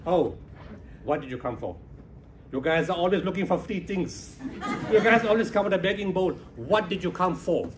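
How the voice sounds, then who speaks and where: A man's voice: high voice, lively intonation, normal speed, a little hiss or hum. Sneering foreign aid worker, male, mocking and condescending, as quoted by a male speaker. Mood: scornful.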